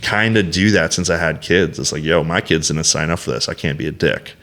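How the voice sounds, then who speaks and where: A man's voice: very deep voice, brisk, a bit bright. A man in his thirties, a podcast guest, talking candidly and bluntly with heavy swearing and many restarts. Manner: rambling with restarts and fillers.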